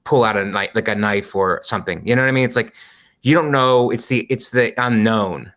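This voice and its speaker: Low-voiced man rambling through a point. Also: fairly quick, fairly bright tone. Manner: rambling, filler-heavy explaining. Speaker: podcast co-host. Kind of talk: casual chat.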